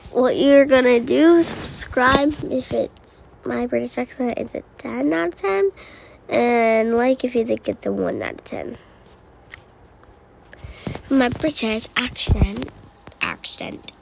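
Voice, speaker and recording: A woman giving excitable gameplay commentary as a YouTuber, often exclaiming. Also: sits high, creaky, a little hiss or hum. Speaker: gaming YouTuber.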